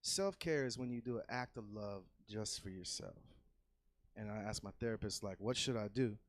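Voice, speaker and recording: A man doing a loose, profane stand-up set on a comedy club stage, swinging from easy chatter into loud yelled bits. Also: lowish voice, moderate pace. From California.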